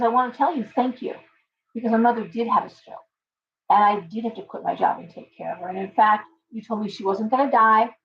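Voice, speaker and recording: A woman's voice: a little high, muffled recording, a little hiss or hum. A woman who runs a tarot shop, chatting casually on a live stream, rambling through stories and acting out her clients' lines.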